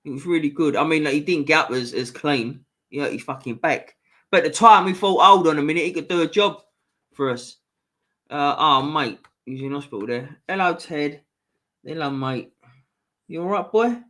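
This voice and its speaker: A man's voice: on the high side, a little fast, a bit bright. Chatty East London man, Cockney accent. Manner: rambling, chatty, frequent restarts, swears casually. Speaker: livestream host reading chat. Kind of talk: casual live stream chat.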